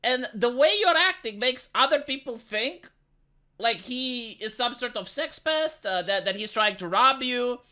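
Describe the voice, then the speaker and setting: A woman's voice: fairly high pitch, unhurried. A woman from Romania giving dry, mocking reaction commentary on a viral video. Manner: dry, mocking, deadpan asides. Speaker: commentary YouTuber.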